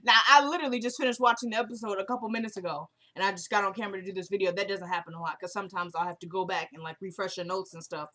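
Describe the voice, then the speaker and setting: A woman's voice: medium pitch, steady tone, rapid-fire, few pauses, pushed and bright. A young woman talking casually to her camera, recapping a TV episode in a chatty way, laughing and acting out the characters' lines. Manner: chatty, laughing, retells scenes in quoted dialogue. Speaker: TV recap vlogger. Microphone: camera mic at home.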